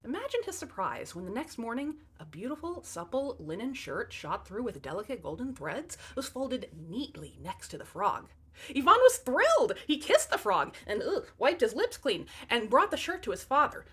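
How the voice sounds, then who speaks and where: A woman's voice: a little high, sing-song, moderate pace, breathy edge. A woman telling fairy tales in a comic narration, with sarcastic, wry asides to the audience. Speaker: storyteller.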